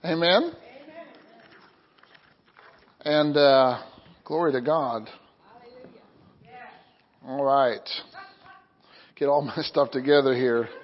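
A pastor with a notably high voice delivers a sermon, mixing light jokes with scripture. He chuckles easily and keeps checking in with his congregation. The recording is somewhat dull and lo-fi. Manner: chuckles through jokes, calls "amen?" to the congregation.

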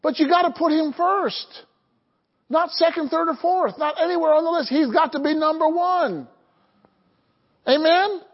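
A pastor preaches a sermon in call-and-response style, calling out to the congregation and prompting them to answer back. His voice is very high and a little slow with long pauses, and the audio sounds dull.

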